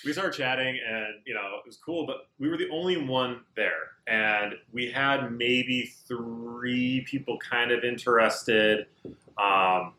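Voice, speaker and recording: A man's voice: medium pitch, slow pace, sharp tone. A man who works at a barbershop, telling a story in casual chat in a self-deprecating, profane way. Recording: roomy recording.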